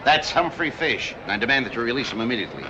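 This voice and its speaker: An actor playing a smooth, persuasive male con man, in 1940s film style. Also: mid-range voice, sing-song, racing, lightly acted. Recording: noisy lo-fi old film soundtrack.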